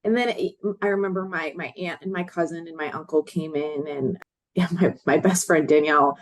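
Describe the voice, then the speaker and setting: A woman's voice: sits low, moderate pace. Earnest woman in her late twenties. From Chicago, USA. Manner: earnest, acts out others' words in quoted voices. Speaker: guest. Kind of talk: personal storytelling in an interview.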